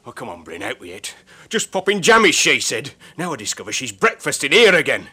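A man's voice: medium pitch, huge pitch swings, brisk, sharp tone, slightly rough, full character voice. An actor playing a hot-tempered, jealous man who uses a wheelchair, in a soap opera scene. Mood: suspicious. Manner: blustering, confrontational.

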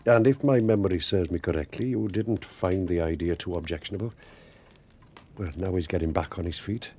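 A tender older man, soft-spoken and earnest. His voice is very low, dark and husky. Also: a little fast. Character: gentle older Welsh man, wistful and romantic.

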